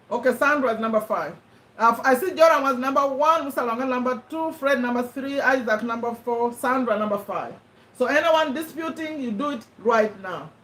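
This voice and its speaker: A woman's voice: on the high side, distant mic. A woman hosting a live stream quiz in casual chat, reading out viewers' names and answers and ruling on each one. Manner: chatty, reads out viewer names and answers, checks and rules on them. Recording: echoey room, voice away from the mic.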